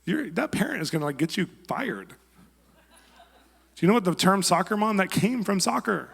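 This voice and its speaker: A man giving a conversational sermon, telling stories and acting out quotes in a lively way. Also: on the high side, a little fast, gravelly. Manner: conversational, animated storytelling with acted quotes. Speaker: guest preacher. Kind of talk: sermon with storytelling. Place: church sanctuary. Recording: long reverb of a church hall.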